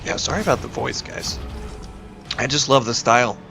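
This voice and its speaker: This is a gravelly-voiced man in his thirties giving let's-play commentary while fighting off a cold, a little sniffly. He rambles in a chatty way and talks straight to the characters on his screen. Loud game music plays behind him. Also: medium pitch, normal speed. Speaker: gaming YouTuber and teacher.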